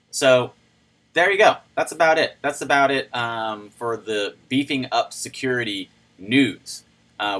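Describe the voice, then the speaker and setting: A man's voice: mid-range voice, a bit bright, low-quality recording. A man hosting a casual livestream, chatting loosely and greeting viewers by name as he reads their comments. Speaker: crypto livestream host.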